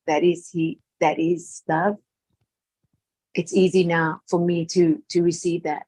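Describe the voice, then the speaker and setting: Woman with a lowish voice telling a really emotional personal story, heartfelt, repeats herself a lot, goes soft and hushed sometimes. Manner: earnest and heartfelt, with repeated phrases and soft laughs.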